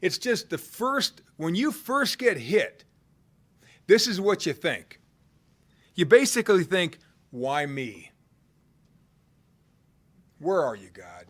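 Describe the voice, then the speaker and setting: A man preaching a sermon in a conversational way, swinging from loud cries to hushed low tones. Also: big pitch swings, takes it slowly, long pauses. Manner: conversational, with fillers and restarts.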